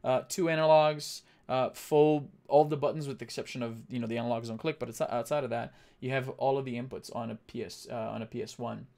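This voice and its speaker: On a casual live stream, a young man thinks out loud while he works, reading chat and answering his viewers, often halting with fillers and starting over. His mid-range voice is gravelly and warm, with fairly level intonation.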